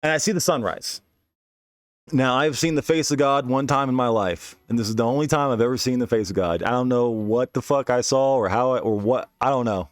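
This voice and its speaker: A man's voice: mid-range voice, a little fast, no room sound. A young man, telling a wild personal story as a podcast host in a rambling, profane way with many restarts. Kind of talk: casual storytelling monologue.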